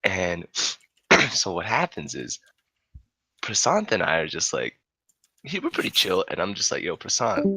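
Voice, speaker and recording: A man's voice: deep voice, pushed and bright, dry recording. A young man hosting a podcast, telling a comic story in a rambling, cursing way and laughing often.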